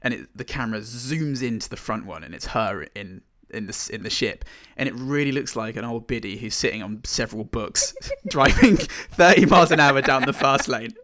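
A man's voice: medium pitch, big pitch swings, moderate pace, few pauses, pushed and bright. A man co-hosting a film podcast, dry and sarcastic, swearing for laughs in casual chat. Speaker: podcast co-host reviewing films.

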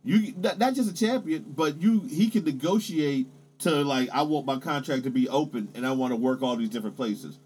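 A man chatting casually about wrestling, excitable and swearing, his voice jumping up when he gets hyped. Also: medium pitch, brisk.

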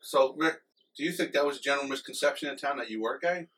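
A man interviewing, prompting with short, quiet questions. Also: mid-range voice, fast talker.

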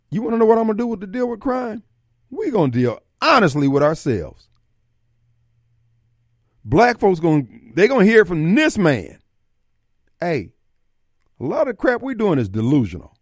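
A man's voice: high voice, measured pace, long pauses, no echo, studio quality. A man hosting a political talk radio show, delivering a fiery monologue and acting out imagined critics. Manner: animated, acts out imagined callers and critics.

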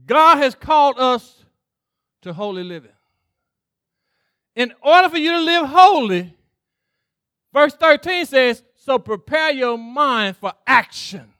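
A male pastor preaches straight to his congregation with call-outs, acting out God's voice and laughing along the way. His pitch is extremely high and his tone fairly bright. The recording is studio quality with no room sound.

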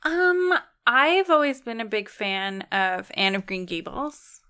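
A woman's voice: fairly high pitch, big pitch swings, slow pace, bright, forceful tone, clean tone. A young Canadian woman co-hosting a podcast, chatting in an upbeat, agreeable way and often laughing. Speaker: podcast co-host. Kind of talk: casual podcast chat.

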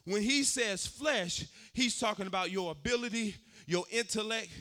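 High, bright sing-song preacher man. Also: normal speed. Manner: sing-song preaching cadence, swelling louder on key points. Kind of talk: sermon.

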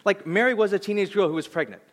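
High-voiced pastor telling a story. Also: male voice. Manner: storytelling, animated and self-deprecating; halting restarts when reflective. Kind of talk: sermon.

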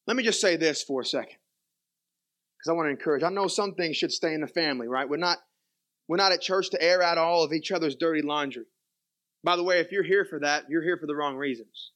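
Guy preaching, young, high bright voice, goes from soft asides to big loud peaks. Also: quick pace. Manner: animated preaching, swings from quiet asides to loud emphatic peaks. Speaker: pastor. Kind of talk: sermon.

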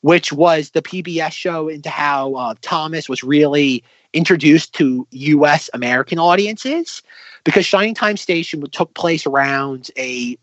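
A man co-hosting a podcast in casual chat, rambling and animated, jumping between tangents. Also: fairly high pitch, moderate pace, no room sound, highs cut off. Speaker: podcast co-host.

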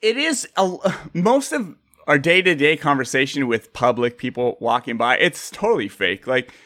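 A man's voice: medium pitch, lively intonation, moderate pace, bright, forceful tone. A man hosting a casual interview chat, who often stammers and repeats words. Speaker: interview host.

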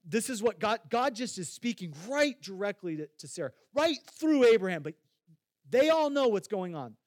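In clean studio audio with no room sound, a man whose voice sits high delivers a sermon in a sing-song manner at moderate pace. As a pastor, he talks conversationally, questions his listeners directly, and repeats phrases to stress them.

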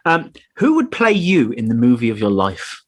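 Male podcast host, husky, animated, brisk with questions. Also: mid-range voice. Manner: upbeat, brisk, runs the quick fire questions. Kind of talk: casual interview chat.

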